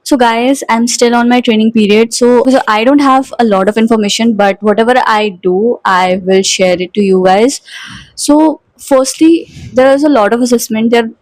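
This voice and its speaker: A young Indian woman in her twenties talks casually to her vlog viewers in a slightly high voice. Her Indian English accent is clear, and Hindi words slip into her talk. The sound is close and dry. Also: normal speed, no echo, rough recording. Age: 20s. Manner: chatty, mixes Hindi into English. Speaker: vlogger. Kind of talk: casual chat.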